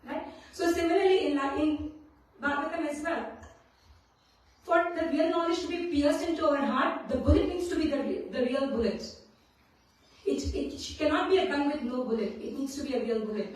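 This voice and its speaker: Woman, scripture class speaker, storytelling manner, high voice, booming temple hall. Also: darkish tone. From India. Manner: storytelling, often checks in with "right?". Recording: very echoey hall, mic at a distance.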